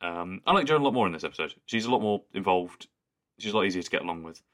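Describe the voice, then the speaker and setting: A man with a very low, deep voice chatting casually as a podcast co-host. He rambles along, amused, and laughs easily. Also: animated, rapid-fire, fairly bright tone. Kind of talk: casual chat.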